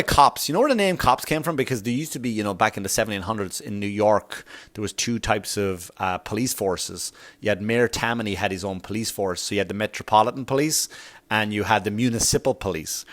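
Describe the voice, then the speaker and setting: A man's voice: lowish voice, a bit bright. Profane rambling man hosting a podcast. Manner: rambling, profane, gets heated. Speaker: podcast host. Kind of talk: solo comedy podcast monologue.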